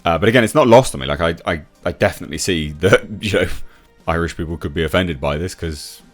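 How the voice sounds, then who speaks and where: Very deep-voiced scoffing man. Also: fast talker, soft background music. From England. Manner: scoffing, laughs at what he reads, many restarts. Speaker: YouTube reviewer. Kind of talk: opinionated commentary reading and reacting to an article.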